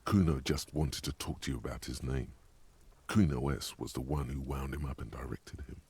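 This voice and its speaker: A man voicing the solemn inner voice of a detective game, speaking slowly and advising the player in the second person. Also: a bass voice, a little mellow, husky, full character voice. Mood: grave. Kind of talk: game narration.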